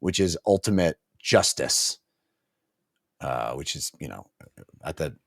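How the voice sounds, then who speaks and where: A man's voice: very deep voice, lively intonation, creaky, dry recording. Man, podcast co-host, casual book chat, eager, lots of fillers, dry close sound. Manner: enthusiastic, halting with fillers.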